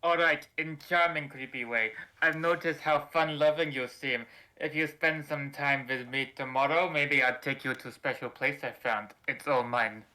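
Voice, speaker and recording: A man's voice: medium pitch, steady tone, normal speed, few pauses, pushed and bright, poor audio. A man voicing a huge, lonely huntress in a put-on Russian accent, speaking broken English. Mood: coy. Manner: broken English, dropped articles. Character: huge lonely female huntress, creepy but sweet.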